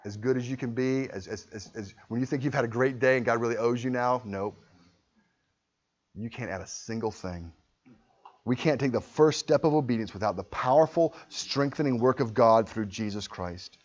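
A man preaching a sermon as a pastor, animated, acting out the voices he quotes and then dropping to quiet intensity. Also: mid-range voice, moderate pace, lo-fi sound. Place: church hall with a congregation.

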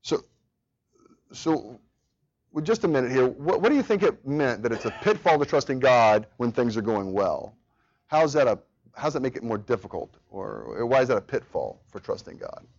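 A man's voice: medium pitch, very animated, normal speed. A man in his thirties leading a church Bible study, earnest and repeating phrases for emphasis. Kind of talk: teaching a church study group. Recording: dull lo-fi recording.

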